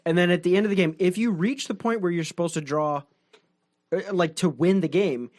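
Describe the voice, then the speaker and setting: A man co-hosting a podcast, explaining game rules in an eager, brisk way. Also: high voice. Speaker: podcast co-host. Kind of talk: casual chat.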